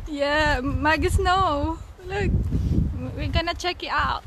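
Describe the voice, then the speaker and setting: A woman vlogging live on her phone outdoors in the falling snow, talking casually with excitable, giggly energy. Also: sits high, takes it slowly. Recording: outdoor noise.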